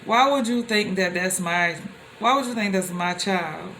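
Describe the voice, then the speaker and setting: A young woman telling personal stories to the camera in a loose, conversational way, with animated exclamations. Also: medium pitch, a little slow, a little hiss or hum. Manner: animated, with rising exclamations when quoting others; loose and conversational, with many fillers and restarts. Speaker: vlogger.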